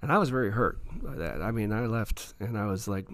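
A man with a lowish voice talks a little fast as a guest author in a studio interview. He tells his story animatedly, acting out the dialogue.

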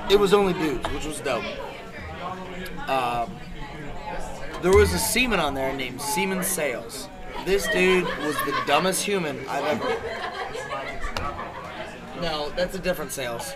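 A man's voice: on the high side, expressive, a little slow, pauses often. A man hosting a podcast, telling profane, laughing anecdotes among friends in casual chat. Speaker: podcast host. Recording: crowd chatter behind.

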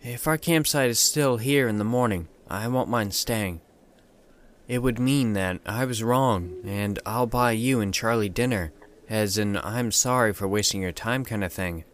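A man voicing an anxious young man who is spooked and pleading, speaking in an uneasy, low-key way. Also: unhurried, lightly acted.

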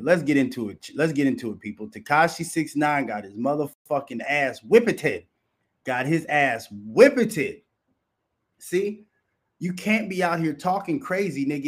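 A man of middle pitch hosting a live stream, talking casually to his viewers. He is brash and boastful, swears constantly and breaks into laughter between points. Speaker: livestream host. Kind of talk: casual profane commentary to a live chat.

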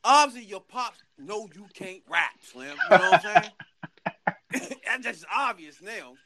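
A man telling a story in casual chat, animated and laughing, full of slang. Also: high voice, unhurried, vocal fry, crowd noise.

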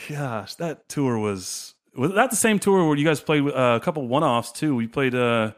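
Man telling lively stories on a podcast. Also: medium pitch, normal speed. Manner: animated storyteller who acts out quotes. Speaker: podcast guest. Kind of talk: casual chat.

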